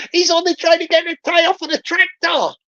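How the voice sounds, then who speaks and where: With a very high, a bit bright voice, a livestream host speaks at normal speed with a flat delivery, and the recording is muffled. She's jokey and repetitive, laughs often, and greets her viewers by name throughout the playful stream.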